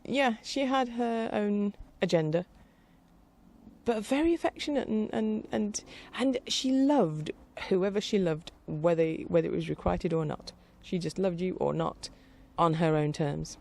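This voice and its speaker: Gravelly-voiced woman chatting. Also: medium pitch, measured pace, darkish tone. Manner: rambling, chatty, with frequent laughs and filler. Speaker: vlogger. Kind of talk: casual chat.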